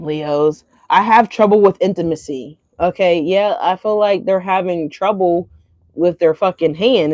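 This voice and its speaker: A woman's voice: mid-range voice, no room sound. A woman reading tarot in a loose, chatty way, swearing and laughing between thoughts. She circles back with lots of fillers and addresses her viewers directly. Her voice sits in a middle range and sounds dry and close to the mic. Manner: rambling, profane, laughing asides; repeats fillers, talks straight to viewers. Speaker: tarot reader.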